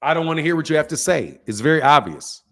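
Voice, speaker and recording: A man hosting a boxing livestream, ranting at viewers in a profane, confrontational and animated way. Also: a little high, fast. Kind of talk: heated livestream rant.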